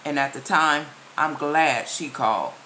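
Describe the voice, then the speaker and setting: A woman vlogger with a lowish voice that has a forceful, bright edge. She talks straight to her viewers, emphatic and repetitive as she lectures them. A faint hiss sits under her voice. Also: a little slow, rough recording. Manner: emphatic, repeats key phrases, lectures the viewer directly. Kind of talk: casual direct-to-camera commentary.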